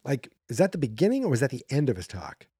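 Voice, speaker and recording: Male podcast host, dry close mic, mellow dark tone, sarcastic rambling recap. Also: mid-range voice, huge pitch swings, fast, slightly rough, no room sound. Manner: sarcastic, rambling, acts out character quotes. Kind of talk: casual movie recap.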